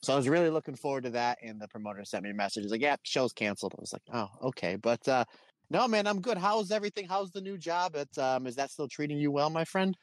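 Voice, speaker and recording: A man's voice: fairly high pitch, lively intonation, quick pace, no echo. Jokey man, podcast co-host. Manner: jokey, friendly, calls people "my friend". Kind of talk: casual podcast chat.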